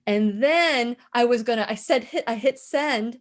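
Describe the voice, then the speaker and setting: A middle-aged woman hosting a radio interview tells a personal story with passion and emphasis, often repeating her words. Her voice is a little high and her delivery a little slow.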